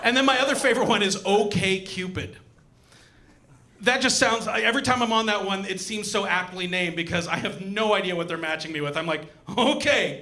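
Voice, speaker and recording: A young man doing stand-up at a comedy club, talking into a stage mic. His voice sits high and sounds bright and forward. He plays out his punchlines with lively, animated delivery.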